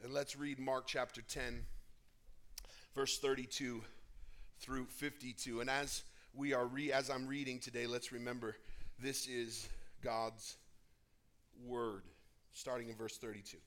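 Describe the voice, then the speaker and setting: A man's voice: medium pitch, little pitch movement, unhurried. A male pastor reading scripture aloud and preaching, with dramatic, emphatic rises in voice. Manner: reads scripture dramatically, voicing the crowd's shouts loudly.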